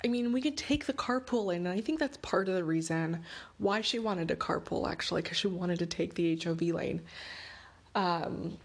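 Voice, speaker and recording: A woman, middle-aged, telling a personal story on air in a casual, exasperated way, jumping from loud exclaims to hushed asides. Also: lowish voice, moderate pace.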